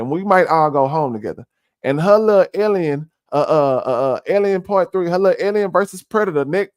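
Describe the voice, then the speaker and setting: This commentary streamer has a high, somewhat mellow voice, recorded on a close dry mic without room sound. Preaching through casual conspiracy talk, he fills his speech with fillers and keeps returning to the word "family."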